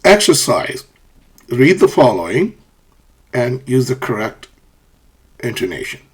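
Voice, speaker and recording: A man teaches English pronunciation in a slightly husky, mid-pitched voice. He reads the example phrases aloud with deliberately exaggerated rises and falls in pitch. Between examples he keeps checking in with the viewer, asking "okay?". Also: sing-song. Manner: models example sentences with exaggerated rising and falling pitch. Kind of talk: online pronunciation lesson.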